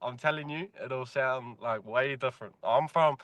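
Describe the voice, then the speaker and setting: A man's voice: mid-range voice, normal speed, fairly bright tone, dry recording. A man from New Zealand with a New Zealand accent, chatting casually as a podcast guest, laid-back and swearing freely. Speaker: podcast guest, mine worker. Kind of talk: casual chat.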